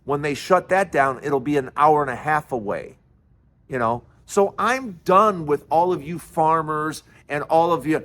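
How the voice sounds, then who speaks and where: A man with a fairly high voice hosts his own political commentary, ranting with fiery scorn. He mocks his targets sarcastically and swears freely. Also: animated, measured pace, a bit bright. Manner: sarcastic, mocking and profane.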